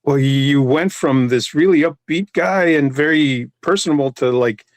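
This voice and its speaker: A comic artist talking in a casual podcast chat, rambling with many restarts and fillers. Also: male voice, on the high side, normal speed, no echo.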